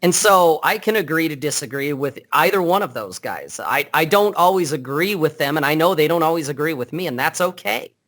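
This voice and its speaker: A man's voice: fairly high pitch, animated, brisk, hardly any pauses, a bit bright. A man speaking as a podcast guest over a Skype call, in a blunt, unfiltered, rambling way with many restarts. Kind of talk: casual interview chat.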